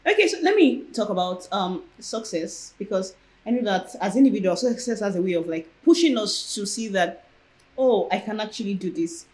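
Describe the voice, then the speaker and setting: A woman's voice: mid-range voice, expressive, moderate pace, a little mellow, slight background noise. A woman hosting a podcast interview, who answers with short affirmations and finishes her guest's sentences. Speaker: podcast host. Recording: roomy echo.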